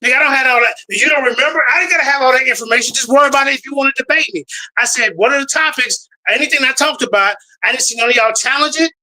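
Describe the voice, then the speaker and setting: Loud profane man ranting on a call. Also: very high-pitched, rapid-fire, poor audio. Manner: loud, profane, repeats himself. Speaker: guest on a live debate stream. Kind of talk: heated live-stream rant. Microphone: remote call.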